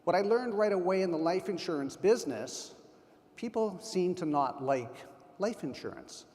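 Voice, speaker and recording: Man, 60s, keynote speaker; slightly raised pitch, punchy storytelling, echoing big hall. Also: animated, moderate pace, darkish tone. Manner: emphatic, anecdotal storyteller. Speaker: keynote speaker at a sales conference. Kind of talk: motivational conference talk. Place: large conference hall. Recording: long hall reverb.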